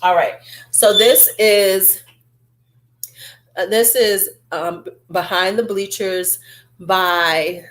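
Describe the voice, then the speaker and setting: A woman vlogger in casual, chatty beauty-review talk, rambling with fillers and asides. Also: mid-range voice. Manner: chatty and animated, drawn-out fillers.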